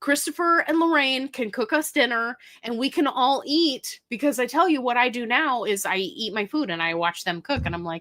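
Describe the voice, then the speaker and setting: A woman's voice: on the high side, normal speed, few pauses, fairly bright tone, no room sound. Chatty woman hosting a livestream. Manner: chatty, laughs often, talks straight to viewers. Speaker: host of a livestream. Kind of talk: casual live chat answering viewer questions.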